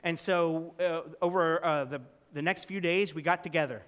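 A man preaching a storytelling sermon as pastor, earnest, moving between loud emphasis and soft, intimate low passages. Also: steady tone, normal speed, smooth, in a large hall.

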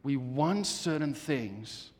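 A man delivers a sermon at a slow, deliberate pace, repeating his lines. His voice swings between loud emphasis and soft, breathy near-whispers. A long reverb trails each phrase, as in a large hall. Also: medium pitch, lively intonation. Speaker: preacher.

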